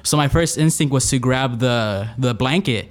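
Young guy rambling through a story, lots of restarts, average pitch. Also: normal speed. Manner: rambling, many restarts, animated retelling. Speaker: storyteller guest. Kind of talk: casual personal storytelling.

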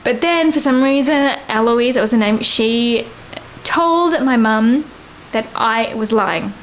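A woman in her thirties with a high, bright pitch, chatting as a guest and spinning a rambling anecdote. She giggles constantly between lines, with a faint hiss of noise behind her. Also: slow pace, low-quality recording. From Australia. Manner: giggly, rambling, laughs often. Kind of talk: casual storytelling chat.

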